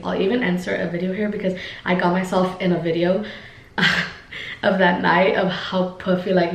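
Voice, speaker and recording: A young woman vlogger telling a personal story in a loose, chatty way, peppering it with fillers and calling her viewers "guys". Her voice is low-pitched with a gravelly fry, and the room around her rings with echo. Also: a little hiss or hum. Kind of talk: casual storytime vlog. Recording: echoey room.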